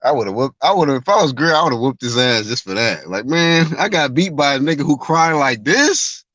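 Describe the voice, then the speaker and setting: Mocking, animated man ranting live. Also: mid-range voice, moderate pace, no room sound. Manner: mocking, animated, breaks into shouted impressions. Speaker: live reaction streamer. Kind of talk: profane live reaction rant. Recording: dull lo-fi dry recording.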